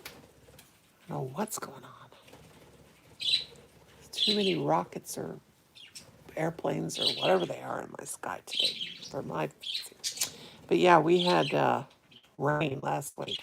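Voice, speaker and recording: A woman's voice: sits low, takes it slowly, vocal fry, pauses often, heavy background noise. A woman hosting a casual home vlog, chatting in a rambling, easily amused way while sitting by a window. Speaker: vlog host. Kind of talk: casual chat to viewers.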